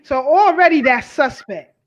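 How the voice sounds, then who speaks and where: High-voiced woman co-host, dull sound. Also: expressive, a little slow. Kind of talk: casual commentary.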